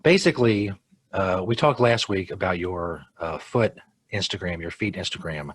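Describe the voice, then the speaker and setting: A man's voice: low voice, moderate pace, husky, no echo. A man co-hosting a casual podcast, joking in a dry, laid-back way. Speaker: co-host.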